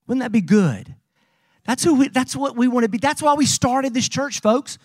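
A young adult pastor with a Southern US accent preaching a sermon, emphatic and repetitive, swinging from soft, low passages to shouted calls. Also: normal speed. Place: church sanctuary.

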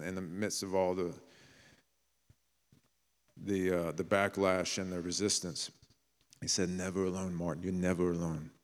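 A man with a low voice preaches a sermon in a church sanctuary. He speaks earnestly and plainly, and at times drops into a hushed, intimate storytelling tone. His words ring out with the long reverb of a large hall. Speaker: pastor.

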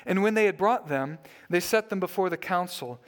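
A man's voice: high voice, animated, moderate pace. Conversational male pastor preaching. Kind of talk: sermon.

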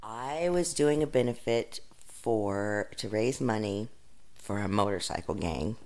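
A woman guest telling a lively anecdote in an interview, with laughing asides. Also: a bass voice, a little slow. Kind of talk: anecdotal storytelling.

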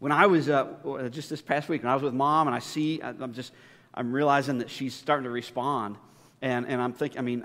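This pastor speaks in a steady, slightly bright mid-range voice at a fairly quick clip. He preaches conversationally and emphatically, weaving in storytelling, while the big church hall trails a long reverb.

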